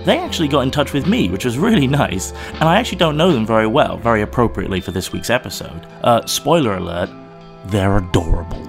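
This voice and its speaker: Cheeky English podcast host with a slight American twang. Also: male voice, mid-range voice, animated, creaky, soft background music. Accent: Oxford English with a slight American twang. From England. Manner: playful, cheeky, quick to laugh. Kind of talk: casual podcast chat.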